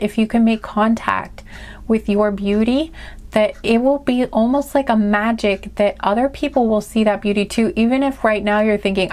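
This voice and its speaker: A woman's voice: fairly high pitch, a little mellow. A woman giving a casual spiritual card reading to her viewers, earnest and gushing, rambling with many restarts and fillers. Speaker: tarot and oracle card reader.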